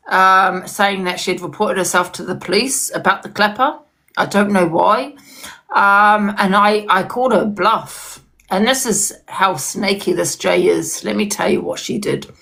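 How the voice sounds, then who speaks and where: A woman's voice: medium pitch, vocal fry, a bit bright. A woman as an interview guest, talking in heated, emphatic casual chat and often repeating herself. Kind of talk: casual chat on a live stream.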